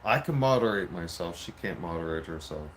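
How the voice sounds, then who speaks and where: A man's voice: low voice, animated, a little fast, a bit bright, a little hiss or hum. A man telling a story in a casual, profane rant, full of repeated "I'm like.". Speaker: vlogger.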